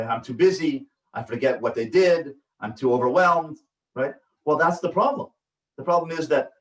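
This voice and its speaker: A man, a rabbi, giving a parenting lecture in an emphatic, repetitive way that keeps checking in with his listeners. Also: fairly high pitch. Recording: echoey room, voice from a distance.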